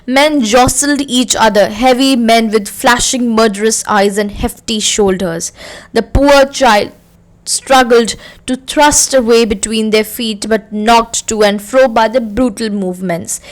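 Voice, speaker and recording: A woman teacher reading a story aloud slowly and carefully, then explaining it to her class. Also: a little high.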